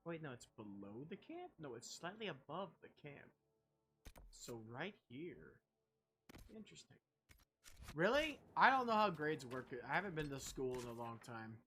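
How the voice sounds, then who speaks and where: A young man with a fairly high voice rambles through casual gameplay commentary, swearing now and then and answering his chat as he plays. A steady hiss of background noise sits under the recording. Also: normal speed. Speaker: streamer.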